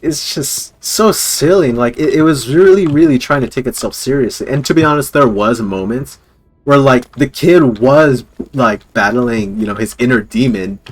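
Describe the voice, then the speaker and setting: A man's voice: mid-range voice, normal speed. A man streaming live, rambling casually with lots of fillers and chuckles.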